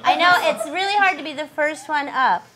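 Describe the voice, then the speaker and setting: A woman's voice: high voice, background noise. A woman coaching a voice actor through a live audition read, chatty and encouraging. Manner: chatty and encouraging, quick asides and laughs. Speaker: voice-over coach. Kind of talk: directing a live audition session.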